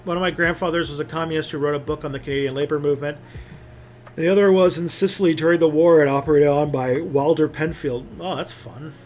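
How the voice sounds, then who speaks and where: A man's voice: on the high side, fairly even intonation, quick pace, darkish tone, faint music behind. Rambling young man chatting on a livestream. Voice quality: rambling, many fillers and restarts. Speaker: livestream host. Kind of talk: casual livestream chat reading viewer comments.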